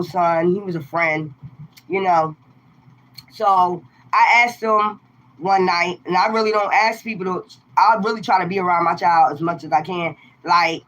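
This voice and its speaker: A woman tarot reader talks straight to her viewers, spinning a personal story in a loose, conversational way. She is emphatic and animated throughout, and the recording sounds dull and lo-fi. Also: medium pitch.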